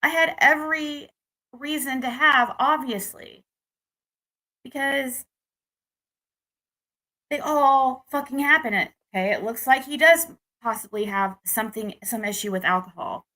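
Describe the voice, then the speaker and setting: A young American vlogger recounts a dating experience to camera in a loose, rambling way, starting over and venting angrily. She pitches high, speaks a little slowly with long pauses, and has a sharp edge to her tone.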